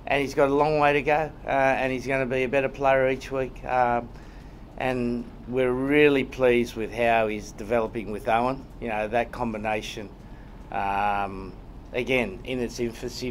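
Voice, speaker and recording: A rugby head coach at a post-match press conference, answering reporters bluntly and wryly and repeating phrases for emphasis. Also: male voice, medium pitch, slight background noise. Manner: blunt and wry, often ends with "mate".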